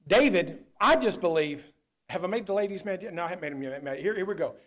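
Animated high-voiced preacher. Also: male voice, fast. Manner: animated preaching, swings from loud to low. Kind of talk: sermon.

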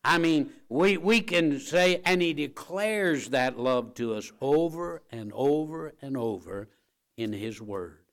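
A middle-aged man preaching a sermon, emphatic, repeating his phrases and swinging between quiet and loud passages. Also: on the high side, animated, slow pace. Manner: emphatic, repeats phrases, rises and falls in volume.

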